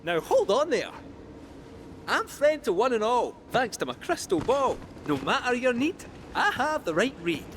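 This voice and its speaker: An actor playing a cheerful fortune-telling robot cat with a sing-song, theatrical way of talking. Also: male voice, extremely high pitch, very animated, measured pace, a bit bright, a little hiss or hum, heavily acted. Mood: jaunty.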